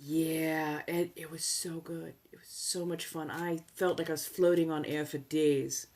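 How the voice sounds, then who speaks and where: A woman hosting a soft-spoken ASMR livestream in a put-on 1700s colonial American accent, chatting casually and teasing her viewers with a playful edge. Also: sits low, level tone, measured pace. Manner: teasing, playful with chat, laughs often.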